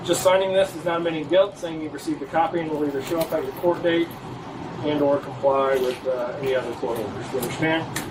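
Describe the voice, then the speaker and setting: A man's voice: fairly high pitch, fast talker. A man working as a police officer, firmly and procedurally reading a court notice to a detained woman at a gas station. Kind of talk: bodycam exchange. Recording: noisy body camera audio from a distance.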